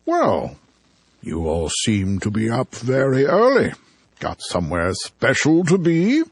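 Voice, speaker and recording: Male narrator voicing a bullying small-town cop, slow and menacing, husky edge. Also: medium pitch, huge pitch swings, no room sound, heavily acted. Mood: suspicious.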